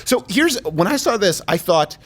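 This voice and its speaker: A male talk show host in comedic banter, animated and rambling with jokey asides. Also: high-pitched, moderate pace.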